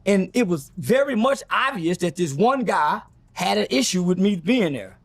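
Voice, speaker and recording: Gravelly, husky man telling a story. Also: moderate pace, no echo. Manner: animated storyteller, acts out quotes in a deep voice. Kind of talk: storytelling in a played interview clip.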